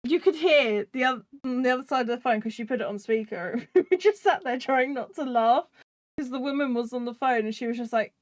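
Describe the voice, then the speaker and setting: A woman with a slightly high voice, recorded close and dry, chats quickly and giggles through her stories. She slips into quoted voices as she retells what people said, keeping the talk light and casual. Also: no echo. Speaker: podcast co-host. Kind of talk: casual chat.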